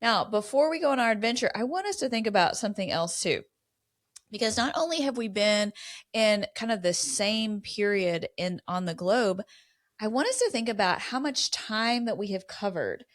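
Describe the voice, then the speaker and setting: A middle-aged woman, co-hosting a podcast, mixing casual chat with Bible teaching in an animated storytelling way. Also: medium pitch, normal speed. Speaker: podcast co-host.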